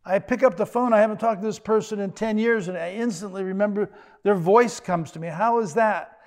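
A man's voice: high-pitched, fairly quick. An older man preaching a sermon as pastor, in a conversational style with joking asides.

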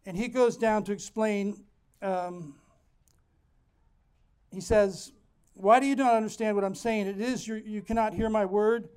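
Man, pastor, sermon, high-pitched, animated, reads scripture aloud. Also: a little slow, pauses often, smooth. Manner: animated preaching, mock-acting the congregation, chuckling asides.

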